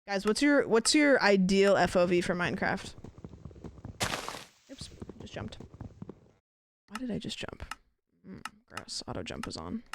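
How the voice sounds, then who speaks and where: A woman's voice: medium pitch, sing-song, a little slow, gravelly, long pauses, background noise. A woman livestreaming a game, chatting casually and swearing freely. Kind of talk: casual chat while gaming.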